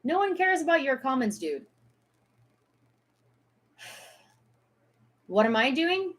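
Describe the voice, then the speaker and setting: A woman's voice: high-pitched, very animated, takes it slowly. A woman from Ukraine ranting on a live stream, sarcastic and heated, swearing freely as she argues. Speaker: social media creator.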